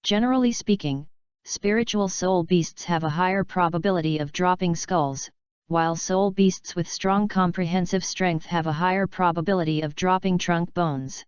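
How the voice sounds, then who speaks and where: A woman's voice: fairly low pitch, moderate pace, clean tone, no echo, lightly acted. A woman voicing a scheming older male teacher in a storybook reading, speaking in an explanatory, coaxing way. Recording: dull lo-fi recording.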